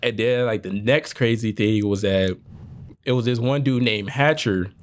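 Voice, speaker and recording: A man's voice: lowish voice, moderate pace. A man from Michigan casually telling stories on a podcast, loose and profane, laughing through them.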